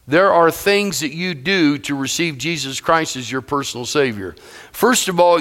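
A pastor preaching a sermon, emphatic and repetitive, often asking the congregation questions. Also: male voice, medium pitch, a bit bright, in a large hall. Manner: emphatic, repeats phrases, asks the congregation questions.

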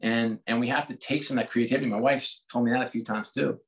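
A man's voice: medium pitch, fairly even intonation, fast, gravelly, low-quality recording. A man in his forties from the United States, speaking candidly and reflectively as an interview guest, often restarting his sentences. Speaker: guest, sports executive. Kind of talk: conversational interview.

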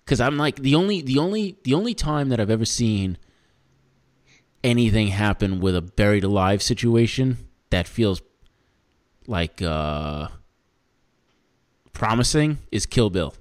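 A man's voice: on the low side, animated, unhurried, long pauses. A man co-hosting a podcast in casual, jokey, rambling chat, laughing often. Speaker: podcast co-host.

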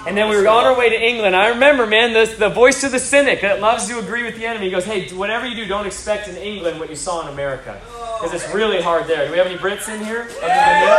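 A man preaching a sermon, telling stories with rising energy and occasional excited shouts. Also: sits high. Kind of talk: sermon with storytelling. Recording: roomy hall with faint crowd.

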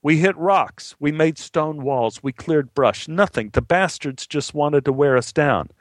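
A man voicing a blunt, gruff old man who swears casually as he recalls hard times. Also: fairly high pitch, unhurried, dry recording, lightly acted.

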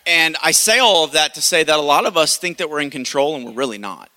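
Man, pastor, thirties, bright cutting tone, slightly high voice, lively storytelling sermon, long church reverb. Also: fast talker. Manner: animated storyteller, acts out voices. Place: church hall.

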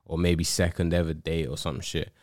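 A man's voice: low voice, little pitch movement, normal speed, darkish tone, no echo, clean studio sound. A young man, hosting a casual podcast chat and telling stories in laid-back slang. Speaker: podcast host.

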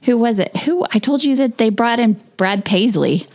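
A woman in a casual co-hosted chat, animated and often trailing off mid-sentence. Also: a little high, moderate pace. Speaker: podcast co-host.

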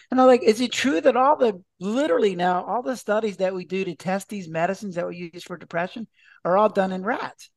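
A man's voice: high-pitched, brisk, no room sound. A man, a doctor and author, answering podcast interview questions in a chatty way, full of restarts and acted-out dialogue.

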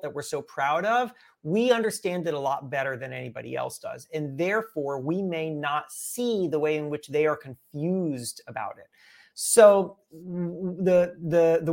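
A man's voice: a little high, gravelly. A man, a guest author, telling a story in a casual chat with lots of energy, repeating and restarting words.

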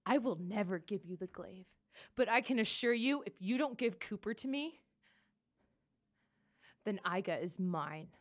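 A woman's voice: medium pitch, animated, unhurried, pauses often, natural voice. A woman playing a defiant young woman in a tabletop game, pushing back with rising anger. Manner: defiant, rising to angry shouts.

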